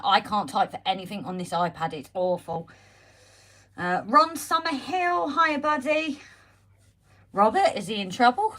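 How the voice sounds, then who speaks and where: A woman hosting a casual home live stream, chatty and greeting viewers by name, her voice slightly croaky as she recovers from being ill, talking into a phone on a holder. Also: medium pitch, normal speed, fairly bright tone. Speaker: livestream host.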